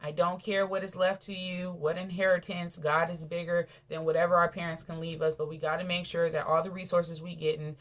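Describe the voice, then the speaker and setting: A woman's voice: fairly low pitch, flat delivery, brisk, few pauses. A woman preacher delivering a sermon in an emphatic, colloquial way, repeating phrases for stress.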